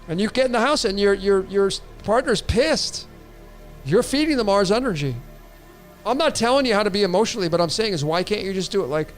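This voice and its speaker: Man, tarot livestream host, loose and rambling with restarts, higher voice. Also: expressive, fast, faint music behind. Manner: rambling, repetitive restarts, casual swearing. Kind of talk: casual livestream reading.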